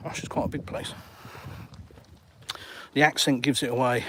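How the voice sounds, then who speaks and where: A man's voice: medium pitch, steady tone, moderate pace, long pauses, a bit bright, slight background noise. A middle-aged English man on a casual outdoor walk-and-talk live stream, bluntly and sarcastically reading out viewer comments and firing back at them. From England. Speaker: vlogger answering live chat. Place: outdoors on a seafront.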